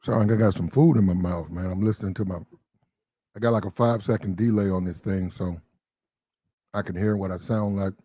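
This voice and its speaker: A man's voice: deep voice, fairly even intonation, brisk, dark tone, dry recording. A man hosting a live stream, chatting loosely and rambling, often repeating himself. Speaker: streamer and host. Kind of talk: casual live-stream commentary.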